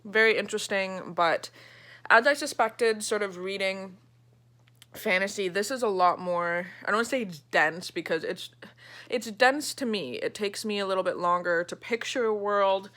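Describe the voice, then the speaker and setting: A woman's voice: mid-range voice, normal speed, sharp tone. A woman book vlogger chatting casually about her reading, laughing often and swearing now and then. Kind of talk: casual vlog chat.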